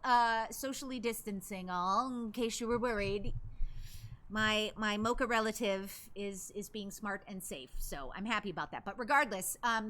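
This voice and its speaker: A woman's voice: fairly high pitch, sharp tone. A woman streamer chatting casually with her viewers while putting on a joke Irish accent, swearing often and laughing a lot. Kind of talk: casual live-stream chat. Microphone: desk microphone.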